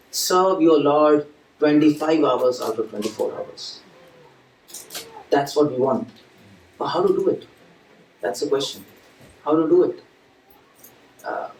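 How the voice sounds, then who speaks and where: A man's voice: medium pitch, warm tone. Man lecturing in an echoey temple hall. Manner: conversational, asks the audience questions and acts out little scenes. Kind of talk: devotional lecture to a live audience. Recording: echoey hall, mic at a distance, faint ambient noise.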